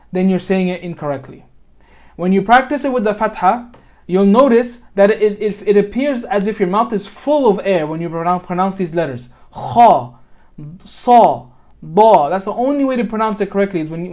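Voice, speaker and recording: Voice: mid-range voice, a little mellow. Patient American tajweed tutor. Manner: patient, checks understanding with frequent "okay?"; models Arabic sounds slowly, corrects self mid-sentence. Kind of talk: one-on-one online lesson.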